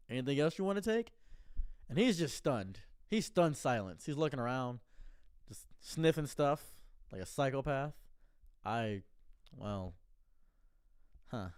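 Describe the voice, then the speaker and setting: A man telling a comedic story in a deadpan way, repeating words as he starts sentences and acting out the other people in lower, quieter voices.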